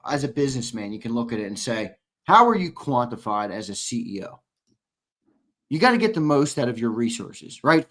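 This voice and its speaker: A young man co-hosting a sports talk show, arguing his points with restarts and emphatic punchlines. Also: a little high. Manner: argumentative, restarts often, builds to emphatic punchlines. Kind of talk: casual sports debate.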